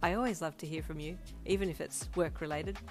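A woman reading the lines of an affectionate, cheerful young man from a fanfiction story, in a warm, playful manner. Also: low-pitched, fairly even intonation, brisk, over music, lightly acted.

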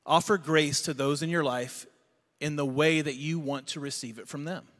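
A man's voice: fairly high pitch, normal speed. A middle-aged man preaching a conversational sermon as pastor, telling stories with animation. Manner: storytelling, animated when recounting. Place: church auditorium. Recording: long reverb of a church hall.

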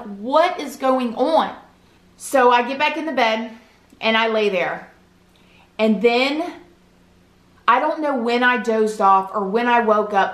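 A woman telling a personal story to her viewers in a casual, earnest storytime style, often addressing them as "you guys", with a Southern US accent. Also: a little high. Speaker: YouTube storyteller. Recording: roomy echoey home recording.

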